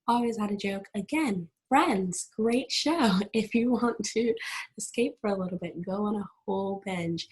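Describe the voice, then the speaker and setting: A woman's voice: medium pitch, breathy edge, rough recording. A woman hosting a podcast from home, chatting casually with many fillers and restarts. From United States. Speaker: podcast host. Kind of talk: casual solo podcast talk. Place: at home with family in the background.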